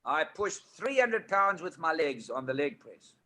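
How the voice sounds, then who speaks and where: An older South African man telling animated stories with lots of emphasis. His voice is bright and forceful, and it sits fairly high for a man. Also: unhurried. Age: 80s. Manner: lively, emphatic, laughs at his own stories. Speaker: guest. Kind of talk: animated storytelling.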